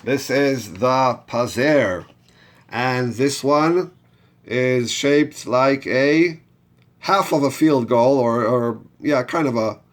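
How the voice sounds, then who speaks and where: Speaking slowly at a medium pitch, this man is a Torah reading teacher. His chanting lesson goes step by step as he walks students through each part with patience and asks them to echo him.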